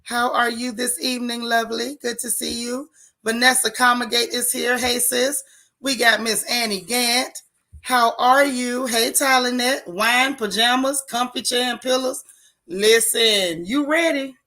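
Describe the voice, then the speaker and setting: A woman with a fairly high pitch, steady tone, and sharp edge speaks a little slowly while hosting a gossip live stream. Out of breath, she chats loosely and greets viewers by name, her Southern-tinged African American vernacular full of "child" and "y'all."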